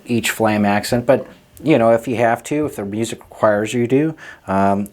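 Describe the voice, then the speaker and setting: A man's voice: mid-range voice, moderate pace, a little mellow. Patient man teaching drum rudiments. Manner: casual, checks in with frequent "okay?" and "right?"; patient, encouraging. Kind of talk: instructional explanation.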